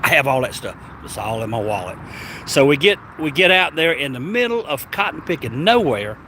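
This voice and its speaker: A man's voice: fairly high pitch, sing-song, fairly quick, pushed and bright. Southern guy rambling thru a travel story, lots of stammers and restarts, faint car hum behind. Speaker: travel vlogger. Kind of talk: casual storytelling.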